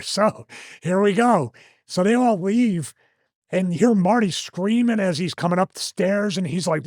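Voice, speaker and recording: Animated man telling a story. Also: high voice, a little slow, no room sound, studio quality. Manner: animated, acts out quoted lines. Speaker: host, former wrestler. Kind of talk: casual storytelling.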